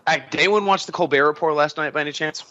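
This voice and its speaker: A man's voice: fairly high pitch, fast talker. A man co-hosting a podcast in casual chat, joking and hesitating with ums. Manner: animated, jokey, hesitant with ums. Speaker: podcast co-host. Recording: dull lo-fi podcast audio.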